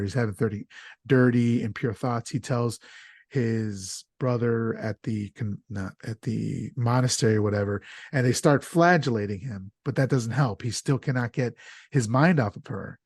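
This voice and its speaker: A man hosting a podcast, retelling the plot of an old film in an animated, casual way with fillers. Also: mid-range voice, dry recording, clean studio sound. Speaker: podcast host.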